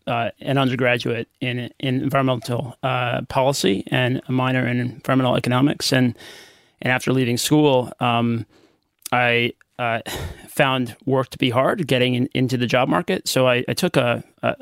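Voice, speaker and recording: A young American man as an interview guest, hesitant and filling pauses with ums. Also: mid-range voice, vocal fry, a bit bright, no room sound, studio quality. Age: young adult. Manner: hesitant, many fillers. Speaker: guest, company founder. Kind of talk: casual interview.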